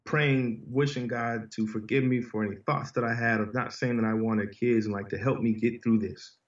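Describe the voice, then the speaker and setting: A man's voice: medium pitch, fairly even intonation, normal speed, recorded from a distance. Earnest male podcast guest, casual heartfelt storytelling, recorded off-mic in a roomy space with dull sound. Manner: earnest, heartfelt, frequent "you know" and "man". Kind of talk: personal storytelling in conversation.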